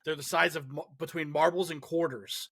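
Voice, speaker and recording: A laid-back man co-hosts a podcast, talking in easygoing slang and calling everyone dude. His gravelly voice has a bright edge, and the recording is bone dry with no room sound at all. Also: a little high, fairly even intonation, brisk, no room sound. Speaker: podcast co-host. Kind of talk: casual chat.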